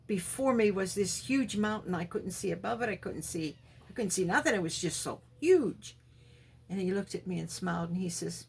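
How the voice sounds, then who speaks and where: A woman's voice: mid-range voice, fairly quick, vocal fry, darkish tone, slight background noise. A woman giving an emphatic personal religious testimony, acting out the dialogue in her story.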